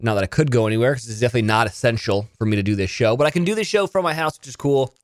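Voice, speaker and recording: A man's voice: medium pitch, very fast, no room sound. Man in his thirties, self-mocking podcast chat, home studio, dry close sound. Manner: animated, self-mocking, rambling. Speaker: podcast host. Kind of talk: casual solo podcast chat.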